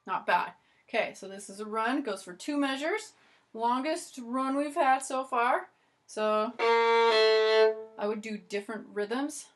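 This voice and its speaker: A woman with a fairly high voice teaching a violin lesson on video. She talks in a chatty, encouraging way, starting lots of phrases with "so" and "okay". Loud violin playing fills the gaps between her phrases. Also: animated, unhurried, over loud music.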